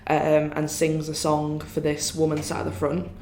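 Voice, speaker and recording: A woman's voice: deep voice, completely flat delivery, moderate pace, dark tone. A young woman, chatting casually as a podcast guest, laughing often and swearing freely. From northern England. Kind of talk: casual chat. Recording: roomy room, faint noise.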